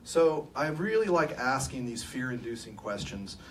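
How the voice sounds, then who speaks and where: A man's voice: mid-range voice, sing-song, normal speed, slight background noise. A middle-aged man from California, co-owner of an engineering firm, telling personal stories with self-deprecating humor in a conference talk. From Sacramento, California. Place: event room at a live talk. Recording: distant mic, faint room ambience.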